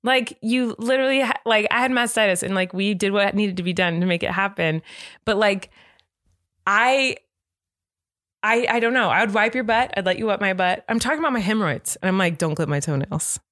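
A woman's voice: medium pitch, fairly quick, a bit bright, no echo, clean studio sound. A woman in her thirties co-hosting a podcast, chatting casually, giggly and rambling. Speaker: podcast co-host. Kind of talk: casual chat.

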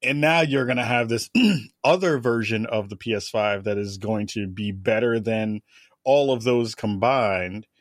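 A man's voice: fairly low pitch, steady tone, a little slow, no echo, clean studio sound. A man hosting a casual discussion, asking questions and thinking aloud.

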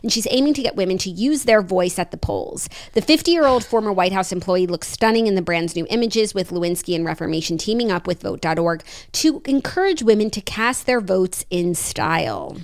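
A woman's voice: medium pitch, lively intonation, brisk, few pauses. A woman co-hosting a podcast, reading celebrity news items and teasing her co-host dryly. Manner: dry teasing, reads news items aloud. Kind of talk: casual chat.

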